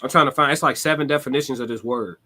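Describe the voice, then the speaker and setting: A man's voice: medium pitch, quick pace, pushed and bright. A young adult man, hosting a casual live-stream monologue in a conversational, reflective way, swearing freely. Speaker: livestream host.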